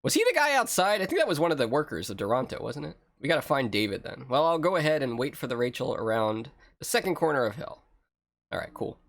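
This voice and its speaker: A man streams a horror video game with game music playing beneath his voice, joking and chatting with his viewers in let's-play commentary. His mid-range voice is gravelly, and he talks fast and animatedly.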